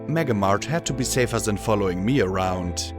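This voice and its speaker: A man's voice: fairly low pitch, animated, fairly quick, music in the background, close to an everyday voice. A man voicing a defensive, pouting female unicorn pony heroine. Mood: weary.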